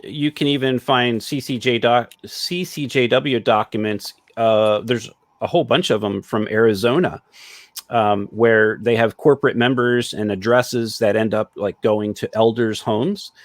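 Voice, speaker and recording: A man talks through a topic on a video call in an explanatory, filler-heavy way. His pitch sits in the middle range, and the sound is close and dry. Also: steady tone, unhurried, no room sound. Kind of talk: casual livestream discussion.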